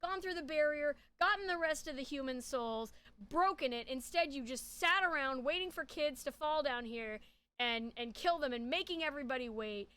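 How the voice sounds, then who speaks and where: A woman quoting a furious, motherly goat-monster queen from a video game in a fast, scolding voice close to her own. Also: high voice, bright, forceful tone.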